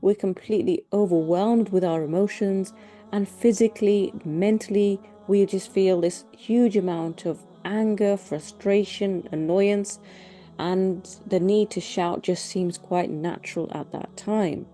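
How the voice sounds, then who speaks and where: A woman giving a calm, measured talk on parenting, explaining things gently and reflectively. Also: mid-range voice, faint music behind. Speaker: parenting educator.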